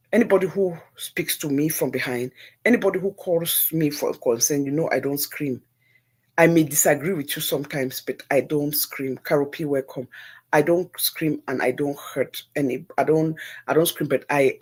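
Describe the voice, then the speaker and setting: Husky, pleading Nigerian woman host. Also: low-pitched, a little mellow. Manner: earnest and pleading, repeats herself, slips into pidgin. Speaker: livestream host. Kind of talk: live-stream call-in talk.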